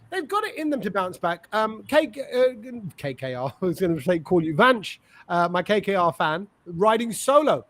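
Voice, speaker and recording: A man's voice: high voice, a bit bright. A man hosting a fan chat show, chatty and upbeat, reading out viewer messages. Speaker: host.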